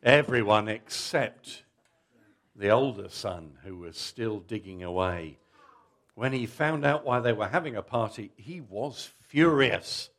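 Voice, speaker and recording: Lively, slow-paced male preacher. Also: fairly low pitch. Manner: lively storytelling, coaxing children to act along. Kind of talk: Father's Day family sermon with told story.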